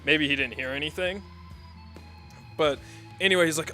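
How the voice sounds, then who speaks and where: A man's voice: a little high, moderate pace, long pauses, sharp tone, faint music behind. A young man streaming a game, telling a rambling story with frequent laughter and casual swearing.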